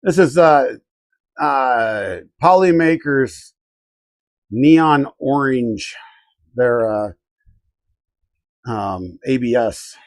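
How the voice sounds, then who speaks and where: A man's voice: medium pitch, expressive, extremely slow, pauses often, no room sound. A middle-aged man from Colorado hosting a casual live stream, talking to himself and his chat while he works. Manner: muttering to himself, reading chat aloud. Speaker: livestream host.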